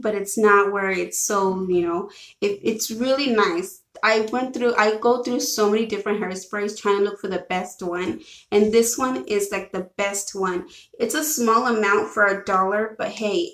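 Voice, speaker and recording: A woman's voice: medium pitch, a bit bright, roomy sound, poor audio. A woman with children chatting casually to live viewers as she shows off a shopping haul, rambling and correcting herself as she goes. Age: adult with children. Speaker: vlogger showing a shopping haul.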